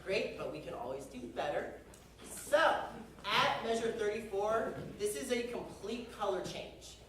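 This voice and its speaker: A man's voice: high-pitched, animated, a little slow, noisy background. A young man conducting a band rehearsal, chatty and joking as he gives instructions. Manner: chatty, joking, uses y'all. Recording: very echoey hall from far off.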